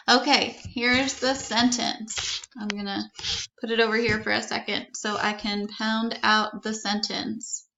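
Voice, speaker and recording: Slow, bright-voiced woman teaching phonics. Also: a little high, flat delivery, highs cut off. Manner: slow, clear, encouraging, sounding out words letter by letter. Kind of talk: phonics lesson for young children.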